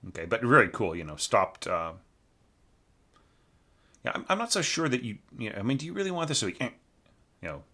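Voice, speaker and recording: A man's voice: medium pitch, very animated, fairly quick, pauses often, pushed and bright. A man giving a casual spoken critique of a student's orchestration, with lots of fillers and tag questions. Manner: informal, hums and scats musical lines to show phrasing. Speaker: orchestration teacher reviewing a student score.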